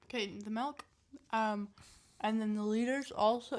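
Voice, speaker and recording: A woman's voice: fairly high pitch, fairly even intonation, moderate pace, a little mellow, slight background noise. A young woman co-hosting a casual family podcast, chatty and hesitant, with many fillers. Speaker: podcast co-host.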